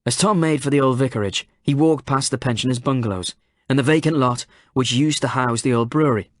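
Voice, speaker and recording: A man reads a novel aloud, measured and even. His voice sits in a middle register. The close-miked studio sound is completely dry. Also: medium pitch, no echo. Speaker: audiobook narrator. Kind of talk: scripted narration.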